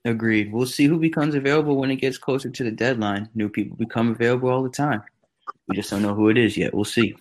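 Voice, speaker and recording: A man joining a casual sports chat, talking in a relaxed, conversational way. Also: mid-range voice, quick pace. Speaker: podcast guest.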